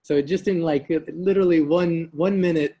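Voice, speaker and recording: A man's voice: fairly high pitch, steady tone, normal speed, mellow. A man hosting a group video call, effusive and chatty, gushing with praise. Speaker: call host.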